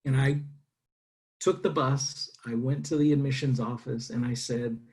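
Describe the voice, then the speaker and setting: A man's voice: mid-range voice, moderate pace. A middle-aged man from San Diego telling his life story to an audience, acting out the voices in it. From San Diego, United States. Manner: animated storytelling, acting out dialogue. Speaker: speaker. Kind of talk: personal story talk.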